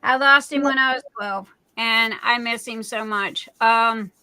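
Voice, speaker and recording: Middle-aged woman chatting on a livestream, bit high-pitched, tells stories and laughs a lot. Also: a little slow, sharp tone, smooth, no room sound. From Southern Arizona. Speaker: livestream host. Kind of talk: casual live stream chat.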